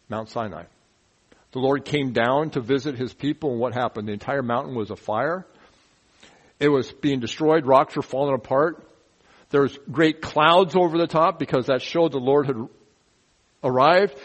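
A man teaching the Bible verse by verse in an animated way. He asks rhetorical questions, makes sound effects, and drops folksy, joking asides. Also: medium pitch, rough recording.

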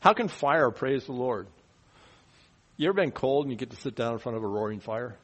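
A man delivers a sermon in a middle-pitched, conversational voice. He keeps putting rhetorical questions to his listeners. He drops into quiet asides, then rises into loud, emphatic bursts. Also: a little fast, breathy edge. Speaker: preacher.

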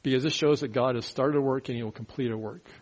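A man's voice: mid-range voice, steady tone, fast. A man preaching a verse-by-verse sermon, teaching and putting questions to the congregation, mocking grumblers by turns. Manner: mocking grumblers in a rising, louder voice. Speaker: pastor.

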